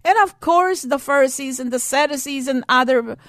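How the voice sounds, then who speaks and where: A woman preaching a sermon, reading scripture quietly and rising to emphatic, repeated questions. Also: sits high, normal speed, no echo, clean studio sound. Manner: reads scripture softly, then builds to emphatic questions.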